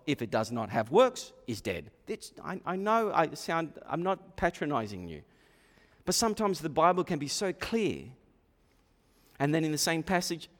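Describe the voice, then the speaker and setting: A male preacher delivering a sermon with a somewhat high voice, animated and repetitive, acting out the voices he quotes. His words ring out with a long reverb from a large hall. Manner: animated, repeats himself, acts out quoted voices.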